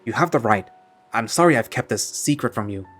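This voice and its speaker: A man voicing a gentle, secretive male tiger who speaks softly and apologetically. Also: mid-range voice, animated, fairly quick, breathy edge, faint music behind. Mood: apologetic. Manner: soft, apologetic, pleading.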